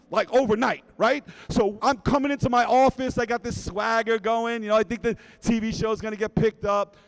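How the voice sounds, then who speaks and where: A middle-aged man tells a comic story on a convention stage, keeping his voice high for a man. He is animated and keeps checking in with his audience. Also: low-quality recording. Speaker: speaker at a fan convention.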